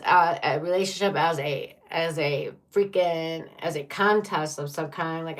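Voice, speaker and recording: Blunt woman tarot reader, low voice. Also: a little slow, few pauses. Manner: blunt, profane, dramatic reactions. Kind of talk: tarot reading for viewers.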